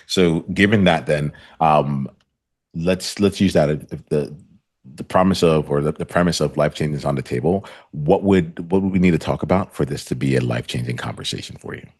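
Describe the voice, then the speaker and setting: A man's voice: rumbling low, normal speed, a little mellow, breathy edge. A man hosting a coaching podcast, talking in a rambling way with many fillers and restarts. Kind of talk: conversational coaching session.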